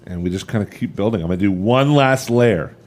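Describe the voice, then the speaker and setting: A man's voice: on the low side, a little fast. A man in his thirties leading a live cooking demonstration, chatty and upbeat, talking straight to the viewers as he works. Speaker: cooking instructor.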